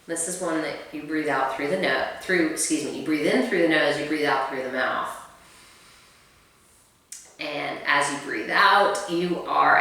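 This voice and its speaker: A low-voiced woman leads a yoga breathing class, calm and coaching, poking a little fun at herself. She sounds set back from the microphone in a very echoey room. A faint noise sits underneath. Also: creaky, distant mic. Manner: calm, gently self-deprecating, coaching. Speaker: yoga teacher. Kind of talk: guided breathing instruction.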